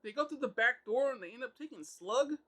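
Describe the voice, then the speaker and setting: A man with a fairly high voice gives a casual spoken comic book review. His tone is bright and forward, and his talk is loose and conversational, full of filler phrases. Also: expressive, a little fast, rough recording. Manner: loose and conversational, full of "kinda" and "you know".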